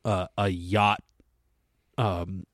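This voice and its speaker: A man co-hosting a podcast in casual chat, animated and profane, laughing often. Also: low-pitched, very slow, dry recording, studio quality. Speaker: podcast co-host.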